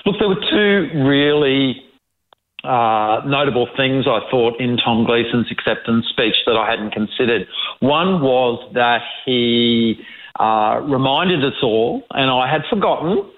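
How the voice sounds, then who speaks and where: A man's voice: medium pitch, animated, unhurried. A man with an Australian accent co-hosting a casual radio chat, talking emphatically and mocking critics. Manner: emphatic, mocks critics in put-on quoted voices. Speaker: co-host. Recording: tinny phone-like radio line.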